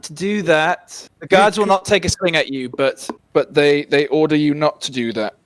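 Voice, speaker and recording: Male game master, chatty scene-setter who trips over his words, slightly high voice, dry close recording. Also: moderate pace, a bit bright, no room sound. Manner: chatty scene-setting, often restarts phrases. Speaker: dungeon master. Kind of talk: casual tabletop game narration.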